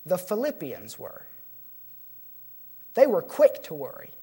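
A woman preaching a sermon, asking the congregation questions and slowing down to stress key words. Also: fairly low pitch, huge pitch swings, creaky, warm tone, husky.

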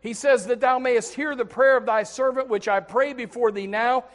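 A man preaches a sermon in a high, lifted voice. He drops into quiet, low asides, then climbs into loud pleading. He often doubles his words as he starts a phrase. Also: fairly even intonation, normal speed. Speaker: Baptist preacher.

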